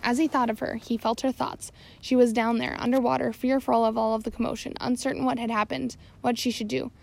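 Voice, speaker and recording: A woman's voice: fairly high pitch, level tone, fairly quick, creaky. A woman narrating an audiobook chapter, reading steadily with occasional slips and self-corrections. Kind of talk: scripted narration.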